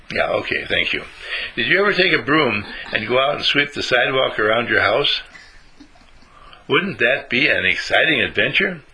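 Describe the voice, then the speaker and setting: Bright, animated man coaxing a child. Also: medium pitch, husky, poor audio. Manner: animated, sing-song, asks leading questions. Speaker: adult talking with young children. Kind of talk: coaxing talk to a small child.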